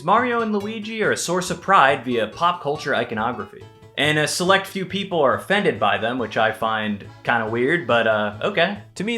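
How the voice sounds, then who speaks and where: A man's voice: medium pitch, fairly bright tone. A man hosting a scripted video game explainer, with wry, casual asides. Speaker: host. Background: faint guitar music.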